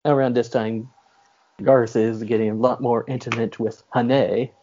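Mellow-voiced man recapping a movie. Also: mid-range voice, level tone, unhurried, lo-fi sound. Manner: rambling, filler-heavy, laughs often. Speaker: podcast host.

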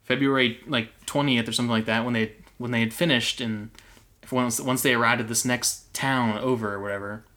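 A young man tells a mystery story on a chatty podcast. His voice is bright and forward. He talks loosely, with fillers and restarts. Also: mid-range voice, steady tone, a little fast. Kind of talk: casual storytelling.

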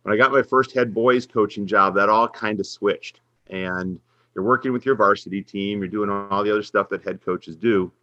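A man's voice: fairly low pitch, moderate pace, no echo, dull audio. A middle-aged man, a basketball coach, telling a personal faith story in an earnest podcast interview. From Minnesota. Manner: earnest, faith-centered storytelling, animated when quoting others. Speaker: head women's basketball coach, guest.

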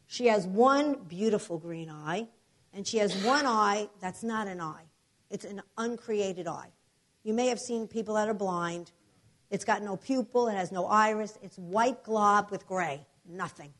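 A woman preaching a sermon, telling healing testimonies with emphatic, animated storytelling and repeated declarations. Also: mid-range voice, a little slow.

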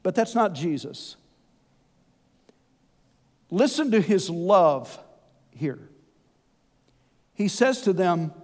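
A man preaching a sermon, folksy and animated with conversational asides. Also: sits high, very slow, pauses often. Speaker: pastor. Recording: long hall reverb.

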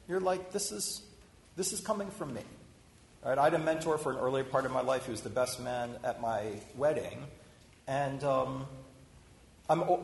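A rabbi giving an informal, conversational sermon, talking with lively restarts and acted-out quotes. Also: male voice, mid-range voice, gravelly. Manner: conversational, animated, many restarts. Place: synagogue hall. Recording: roomy hall echo, faint ambience.

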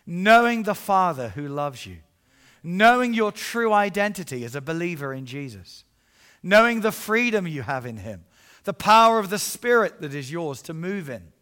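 A middle-aged man preaching as an evangelist, telling a story with animated swings between hushed and loud passages. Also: high-pitched. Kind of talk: storytelling sermon.

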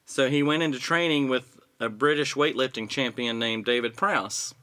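A man recounting a story in an easygoing, conversational way. His voice sounds bright and forward, and he clears his throat now and then as he goes. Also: medium pitch, moderate pace. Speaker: podcast co-host telling a story. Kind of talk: casual chat.

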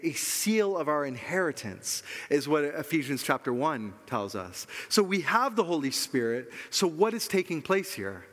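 Speaking in a large hall, a pastor delivers his sermon in a fairly high, somewhat bright voice. Earnest and forceful, he drives points home by repeating key phrases.

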